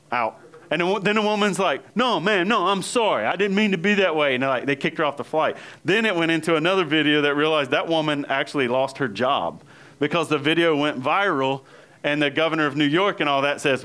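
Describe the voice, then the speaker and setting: A man's voice: a little high, a bit bright. Chatty man preaching a story-filled sermon. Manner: storytelling, chatty, laughs often, acts out quotes. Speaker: pastor. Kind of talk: conversational sermon.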